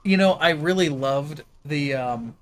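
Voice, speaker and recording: Slow-talking American man streaming a game. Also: a little high, fairly bright tone. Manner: chatty, laughs often, exclaims when startled. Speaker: streamer host. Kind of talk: casual gameplay commentary.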